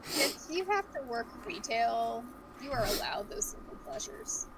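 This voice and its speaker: A woman with a high, lively voice joins a group chat with short, dry remarks. She sounds far from the mic, and clear noise runs behind her. Her lines are quick asides rather than long talk. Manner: brief wry comments. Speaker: friend chatting along.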